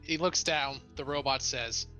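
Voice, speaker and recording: A man's voice: medium pitch, a little slow, sharp tone, faint music behind. A man narrating as game master of a tabletop game, playful and often laughing.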